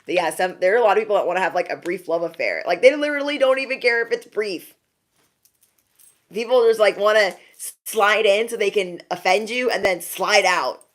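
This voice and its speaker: A woman's voice: mid-range voice, a little fast. A young woman doing a casual spiritual card reading, chatty and laughing often as she talks to her viewers. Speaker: tarot reader.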